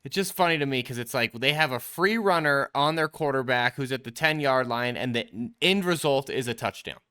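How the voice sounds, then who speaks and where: A man's voice: mid-range voice, a little fast, bright, forceful tone, clear, resonant tone. A man hosting a quarterback show, casually breaking down football film in a coach-like way, explaining each play step by step and calling his viewers the team. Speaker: quarterback trainer and show host.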